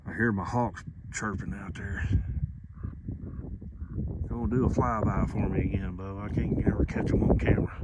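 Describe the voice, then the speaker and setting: A middle-aged man rambling in a folksy way while filming a scenic vlog outdoors on a phone he holds in his hand. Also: fairly low pitch. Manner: rambling, folksy, laughs often. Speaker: vlogger. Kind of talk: casual outdoor vlog narration. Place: outdoors on a windy rim overlook. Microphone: phone held in hand. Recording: lo-fi phone audio with loud wind. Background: wind.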